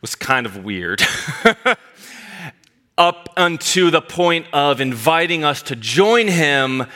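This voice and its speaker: Bright-voiced man telling a sermon story. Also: medium pitch, clean tone. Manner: storytelling, humorous and animated. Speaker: pastor.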